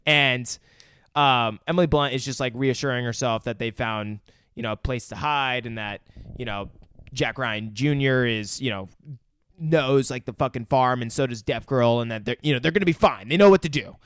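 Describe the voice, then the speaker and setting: A man's voice: mid-range voice, normal speed, smooth, no echo. A man co-hosting a podcast, recapping a film in casual chat and acting out the characters' lines with lots of swearing. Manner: profane, animated, recaps scenes acting out lines. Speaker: podcast co-host. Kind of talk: casual movie review chat.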